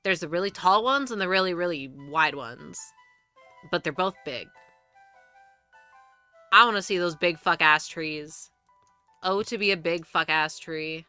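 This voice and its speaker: A woman's voice: fairly low pitch, measured pace, long pauses, sharp tone, clear, resonant tone, faint music behind. A young woman streaming live, chatting casually and rambling with frequent restarts and free swearing.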